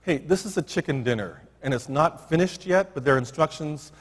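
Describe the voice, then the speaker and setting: A man voicing a folksy older church gentleman. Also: fairly high pitch, brisk, lightly acted. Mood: brisk. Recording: long hall reverb.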